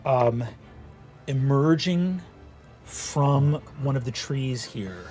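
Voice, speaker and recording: A man's voice: mid-range voice, very slow, darkish tone, faint music behind. A man narrating a tabletop fantasy game as game master, with vivid, descriptive storytelling.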